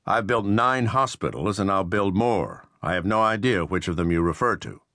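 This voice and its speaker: A man's voice: lowish voice, normal speed, sharp tone, no echo, studio quality. A man voicing a stern, wealthy tycoon in his fifties, firm and commanding. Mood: irritated. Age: 50s. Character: rich, stern self-made tycoon, age fifty-two.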